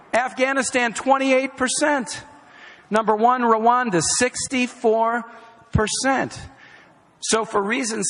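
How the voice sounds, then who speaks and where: A middle-aged man delivers an emphatic campaign rally speech, repeating key phrases for effect, at an outdoor or hall rally with a faint crowd behind him. His voice sits high with a fairly bright tone and a long reverb tail.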